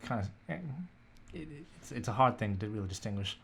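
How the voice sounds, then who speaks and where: A man's voice: on the low side, brisk, vocal fry, breathy edge. Twenty-something guy chatting on a podcast, laid back, laughs a lot. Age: 20s. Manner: relaxed, laughs while talking, trailing restarts. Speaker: podcast guest. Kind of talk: casual chat.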